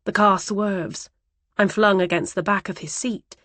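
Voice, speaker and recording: A woman's voice: medium pitch, fairly even intonation, a little slow, fairly bright tone, no room sound. Woman narrating a tense first-person thriller. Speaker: audiobook narrator.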